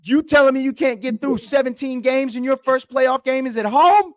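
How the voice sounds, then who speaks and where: An indignant man with a notably high voice rants on a sports talk show, hammering the same points again and again. The sound is dry and close, with no room around it. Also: moderate pace, no room sound. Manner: indignant, ranting, repeats himself for emphasis.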